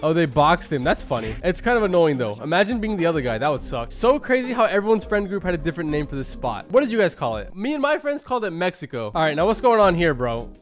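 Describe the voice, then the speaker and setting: A man hosting a reaction video, talking casually and excitedly, firing off quick exclamations and calling everyone "bro". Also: fairly high pitch, faint music behind.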